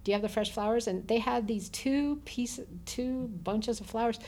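A middle-aged woman from Southern Nevada, a guest telling animated stories in casual conversation with frequent laughter. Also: a little high, moderate pace. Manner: animated storyteller who laughs often. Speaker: interview guest. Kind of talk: casual storytelling.

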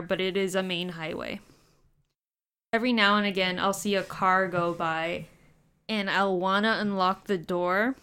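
A woman's voice: mid-range voice, fairly bright tone, smooth. A woman co-hosting a podcast, animatedly telling a dream in casual chat, swearing and laughing often. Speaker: podcast co-host.

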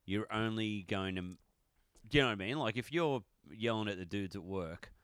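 A young Australian man talks low but bright, his voice smooth and clear. He chats in a relaxed, agreeable way and swears casually. The sound is dry and close. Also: normal speed, dry recording. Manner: laid-back, agreeing, swearing. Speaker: podcast co-host. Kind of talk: casual chat.

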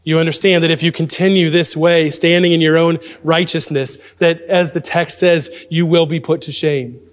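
A man preaching a sermon to his congregation in an earnest manner, then leading a quiet prayer. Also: a little high. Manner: earnest preaching that sinks to a soft, slow prayer. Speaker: pastor.

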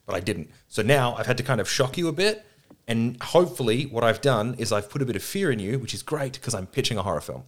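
A man's voice: mid-range voice, expressive, quick pace. A man chatting on a podcast at a table, a film producer who swears freely and tells stories with acted-out quotes. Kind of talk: casual podcast chat. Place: around a table with two others.

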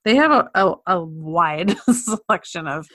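A woman co-hosting a podcast, chatting casually in a relaxed way and laughing easily. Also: fairly low pitch, unhurried. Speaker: podcast co-host. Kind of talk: casual chat.

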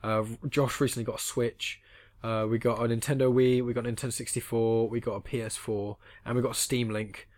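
A man's voice: mid-range voice, flat delivery, a little fast, a little mellow. A man co-hosting a podcast in casual chat, explaining his reasoning at length and teasing his friend. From England. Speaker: podcast co-host.

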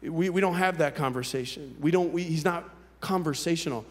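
A male pastor telling a personal story in a sermon, candid and conversational, with halting restarts. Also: fairly high pitch. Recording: long hall reverb.

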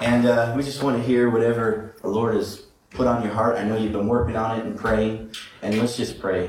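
A man's voice: lowish voice, level tone, brisk, a little mellow, slight background noise. A man pastor speaking informally from the pulpit, introducing a guest and leading a prayer. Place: church sanctuary. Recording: echoey hall, far from mic.

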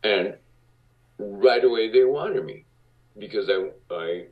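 A man from Cuba, a guest on an interview show, telling anecdotes in a lively way and acting out what people said. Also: fairly low pitch, takes it slowly. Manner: animated, acts out quotes. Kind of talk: casual interview storytelling. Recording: distant, dull lo-fi audio.

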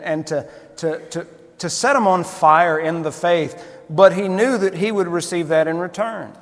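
Storytelling pastor in an echoey church. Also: male voice, high-pitched. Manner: conversational storytelling, frequent restarts. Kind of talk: sermon.

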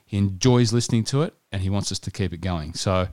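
A man's voice: low-pitched, fairly quick, a little mellow, no echo. An Australian man co-hosting a podcast, telling stories in casual chat with frequent restarts. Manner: chatty storytelling with restarts. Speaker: podcast co-host.

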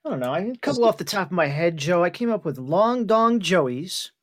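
Easygoing male co-host, slightly high. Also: sing-song, fairly quick, a bit bright. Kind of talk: casual banter.

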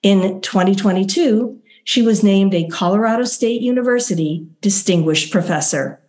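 A woman hosting an interview, reading a prepared introduction and asking questions in a measured, polite way. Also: mid-range voice, a little mellow. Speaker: interview host.

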